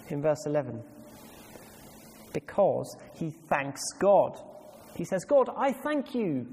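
A man's voice: a little high, warm tone, slightly rough. Man preaching in a reverberant hall. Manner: emphatic, asks the congregation questions. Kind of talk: sermon. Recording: long reverb hall, faint ambience.

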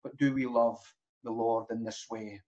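A man's voice: mid-range voice, steady tone, normal speed, dark tone. A man preaching a sermon as pastor, earnest, with many rhetorical questions and repeated phrases. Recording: dull lo-fi sound.

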